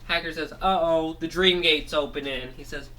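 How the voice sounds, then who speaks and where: A man telling a rambling, improvised story, correcting himself as he goes and jumping into quick voices for the characters. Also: fairly high pitch, steady tone, bright, forceful tone.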